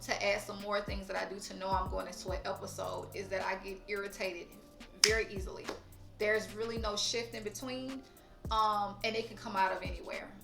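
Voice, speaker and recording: A woman's voice: mid-range voice, fairly even intonation, brisk, creaky, roomy sound, music in the background. A woman talking frankly and emotionally in a personal vlog, swearing casually. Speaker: vlogger. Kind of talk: candid personal vlog talk.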